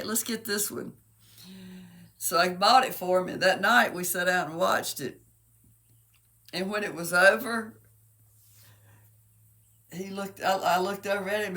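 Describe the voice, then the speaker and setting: A middle-aged woman reciting a poem and telling a personal anecdote in a heartfelt, expressive way. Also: fairly low pitch. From Mississippi. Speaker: storyteller.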